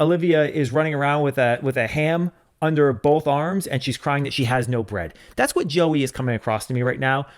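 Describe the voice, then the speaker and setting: A man co-hosting a podcast, in casual chat, ranting in an emphatic, mock-stern way. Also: on the high side. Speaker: podcast co-host.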